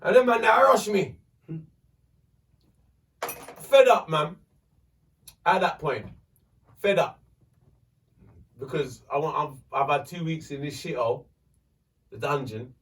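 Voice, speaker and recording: A man tells a story on a podcast. His voice sits fairly high for a man and he swears freely. The mic is set back from him. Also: animated, slow pace, long pauses, fairly bright tone, recorded from a distance. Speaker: podcast host. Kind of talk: casual storytelling.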